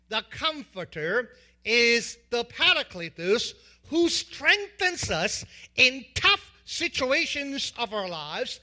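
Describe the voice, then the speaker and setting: A man's voice: sits high, pushed and bright. A man preaching a sermon as pastor, emphatic, repeating lists of words and asking the congregation questions.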